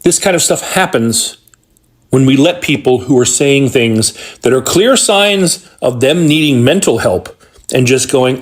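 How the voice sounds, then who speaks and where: A man's voice: medium pitch, expressive, a little slow, slightly rough. A man giving blunt, indignant commentary. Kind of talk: critical commentary.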